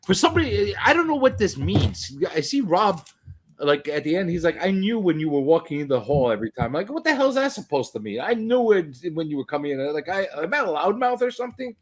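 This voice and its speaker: A loud man, joking brashly in a casual chat as co-host. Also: high voice, very animated, brisk. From New York.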